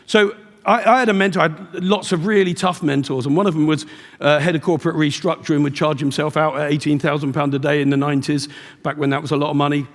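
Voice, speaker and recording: A middle-aged man with a slightly high, gravelly voice delivers a motivational keynote, telling stories and acting out the dialogue. His voice rings with the long reverb of a big event hall. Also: steady tone, fast. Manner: storytelling with acted-out dialogue. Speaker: motivational speaker. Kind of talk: live keynote talk.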